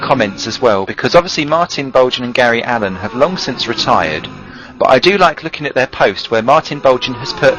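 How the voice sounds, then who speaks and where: A man's voice: medium pitch, expressive, a little fast, fairly bright tone. Joking man in a commentary booth. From United Kingdom. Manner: joking, teasing, reads forum posts aloud. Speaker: race commentator. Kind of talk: casual booth banter. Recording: dull lo-fi stream audio with faint music.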